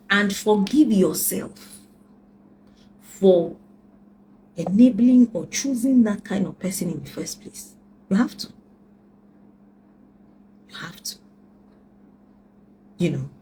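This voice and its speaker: A woman coaching listeners in an earnest, emphatic way, repeating her key points and often sinking into a hushed, near-whispered delivery. Her voice is warm and mellow, with a faint hiss of noise behind it. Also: medium pitch, poor audio. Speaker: relationship coach. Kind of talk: earnest advice talk.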